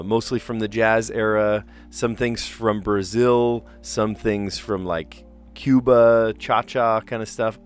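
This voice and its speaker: A man's voice: on the low side, clean tone. A man chatting casually on a live stream while he plays word puzzles, rambling and laughing often. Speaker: teacher.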